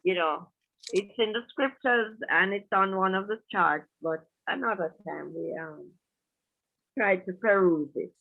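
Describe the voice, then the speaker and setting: A woman taking part in a class on a video call, speaking politely and softly. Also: mid-range voice, measured pace, vocal fry. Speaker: class participant. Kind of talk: casual talk on a video call. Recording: tinny phone-like video call audio.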